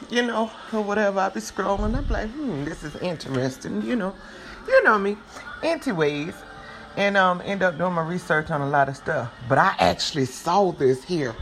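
A woman hosting a podcast, giving casual commentary in an animated, slangy, chatty way, her voice swinging between loud and soft. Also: fairly low pitch. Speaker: podcast host.

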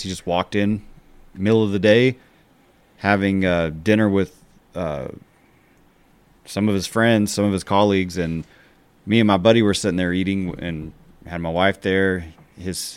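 A man's voice: deep voice, clear, resonant tone. A man co-hosting a podcast, telling a long story in casual chat, with many fillers. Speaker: podcast co-host.

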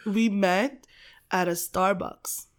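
A woman in her twenties spins a lively personal story, laughing easily and playing up the funny parts. She talks at an ordinary middle pitch, in a casual chat recorded in a small apartment. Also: drawn-out words. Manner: animated storyteller, laughs a lot.

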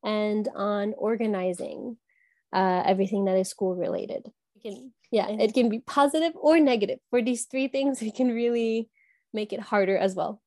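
A woman speaks in a mellow, relaxed tone, working through her answers with pauses and restarts. Her voice sits close and dry, with little room sound around it. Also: medium pitch, no room sound. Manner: thoughtful, halting with frequent um and restarts. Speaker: guest from an education app company. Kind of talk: conversational interview answers.

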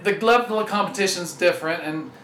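A man's voice: high voice, quick pace, fairly bright tone. A man, a former college football lineman, speaking earnestly as a guest in a casual sports interview, often repeating his first words. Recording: echoey room with faint background noise.

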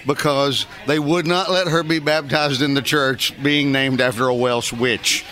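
A man's voice: mid-range voice, steady tone, a little slow, bright, forceful tone. A man on a podcast, chatting in a wry, rambling way. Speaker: podcast guest. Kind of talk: casual chat.

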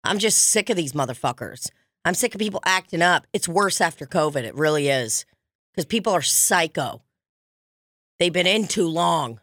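A woman co-hosting a casual chat, telling stories in an animated, profane way. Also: on the low side, moderate pace, dry recording, studio quality. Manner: profane, animated storytelling with acted quotes.

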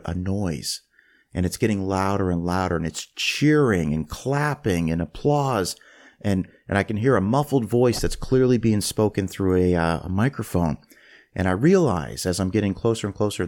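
Male host, casual storyteller, lower register, stumbles and restarts. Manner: animated, restarts phrases. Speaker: podcast host.

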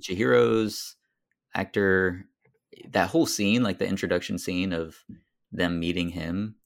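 Low gravelly-voiced man discussing films. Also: fairly even intonation, measured pace. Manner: thoughtful, hesitant, many fillers. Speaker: podcast co-host. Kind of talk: casual film discussion.

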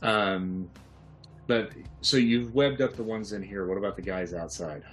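A man's voice: lowish voice, measured pace, soft background music. A man narrating a tabletop game as game master, rambling and hesitant. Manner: rambling, hesitant with many fillers.

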